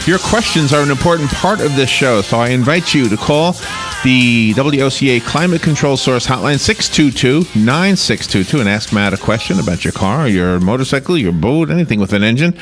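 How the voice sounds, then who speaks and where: A man's voice: mid-range voice, expressive, a little fast, hardly any pauses, fairly bright tone, soft background music. A man hosting a casual call-in radio show, chatty and laughing at his own stories.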